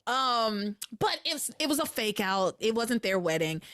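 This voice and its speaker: A woman hosting a podcast, recapping a soap opera casually and acting out the characters' lines in quick voices. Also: on the high side, very animated, a bit bright, no echo, clean studio sound. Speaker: podcast host.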